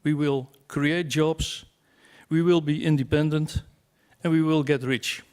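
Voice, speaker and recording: A man's voice: a little high, fairly even intonation, a little slow, darkish tone, clean tone. A man giving a conference talk to an audience in a wry, self-mocking way, with asides and rhetorical questions. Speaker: conference speaker. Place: conference hall.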